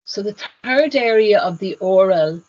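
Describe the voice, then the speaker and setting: A woman's voice: mid-range voice, expressive, unhurried, a little mellow, muffled recording. A woman, teaching German online in an upbeat exam-prep lesson and switching between German and English.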